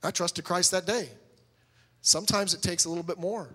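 A man's voice: sits high, steady tone, moderate pace, sharp tone, slightly rough, big-room sound. A middle-aged man preaching a sermon as a pastor, telling stories and acting out both sides of conversations.

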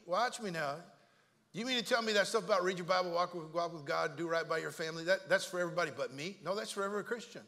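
A male pastor delivers a comic sermon, full of stories, repeated words and acted-out voices. His voice is high and bright with a cutting edge. Long church reverb trails every phrase. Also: fast talker. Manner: energetic, jokey, repeats words and acts out voices. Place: church sanctuary.

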